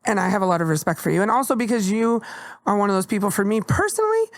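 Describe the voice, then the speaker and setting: A young adult woman comedian hosting a podcast, speaking candidly and with energy, swearing casually in relaxed chat. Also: medium pitch, very fast, no echo.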